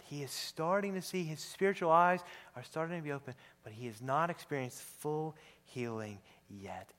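A man preaching a sermon as pastor, swinging between hushed low asides and loud emphatic declarations, and asking his listeners questions. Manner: questions the congregation, acts out biblical speakers. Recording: long reverb of a large hall.

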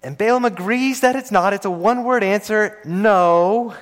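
A man preaching a sermon in a church service, telling a story in an animated way with playful asides. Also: sits high, brisk. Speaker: pastor.

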